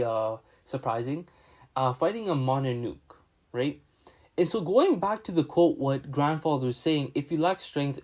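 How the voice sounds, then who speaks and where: A man casually recapping a manga chapter, a bit under the weather, loosely retelling scenes with lots of "he's like" and filler words. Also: on the high side. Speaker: manga reviewer.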